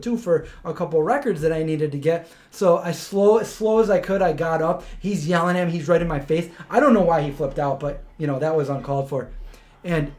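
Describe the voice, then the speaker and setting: A man with a somewhat high voice hosts a relaxed live-stream chat. He tells long, rambling stories full of restarts and quotes he acts out. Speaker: host.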